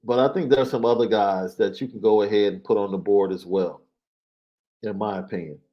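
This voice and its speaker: A man co-hosting a casual sports talk show, measured, repeating his points for emphasis. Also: on the low side, fairly even intonation, muffled recording. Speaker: podcast co-host, recruiting analyst.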